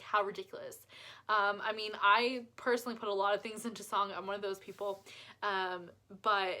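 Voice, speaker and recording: A woman's voice: fairly high pitch, sharp tone. A woman life coach giving self-help tips in an upbeat, chatty, self-deprecating way. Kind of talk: casual self-help vlog.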